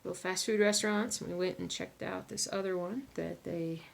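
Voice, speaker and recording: A woman chatting casually to viewers while she stitches. She sounds tired, talks to herself, and drops into soft muttered asides. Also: lowish voice, steady tone, brisk, creaky. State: tired and yawning. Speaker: crafting vlogger.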